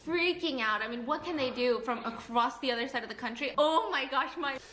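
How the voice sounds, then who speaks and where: A woman telling a personal story in casual, animated talk, acting out the people in it. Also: high voice, a little hiss or hum. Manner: animated and fast, acting out her parents and a police officer. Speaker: storyteller in a played clip. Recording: echoey room.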